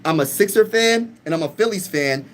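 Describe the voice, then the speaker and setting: A young man from Pennsylvania runs a sports channel's casual live stream, hyped and trash-talking as he reads the chat aloud. He sounds expressive, brisk and fairly bright in a slightly high voice, with a little hiss or hum in the recording.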